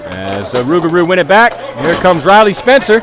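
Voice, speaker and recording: High-voiced guy doing play by play for ball hockey, super lively pitch, tired but jokey. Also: normal speed, noisy background. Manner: joking, self-mocking, rising excitement on goals. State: tired after hours of calling games. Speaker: play-by-play commentator.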